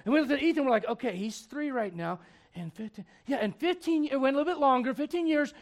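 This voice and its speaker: A man in his forties, a pastor preaching a sermon in a church with joking, animated storytelling. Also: very high voice, brisk. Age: 40s.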